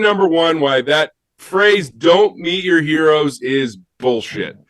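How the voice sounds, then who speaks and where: Panelist, man: higher voice, giggly, animated anecdote-teller, dry close sound. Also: takes it slowly, dry recording. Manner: animated, giggly storyteller acting out quotes.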